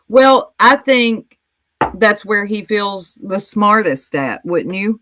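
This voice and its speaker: A woman's voice: mid-range voice, slow, fairly bright tone. A woman with an Appalachian American accent, chatting as a co-host in a teasing way and laughing often. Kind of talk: casual podcast chat.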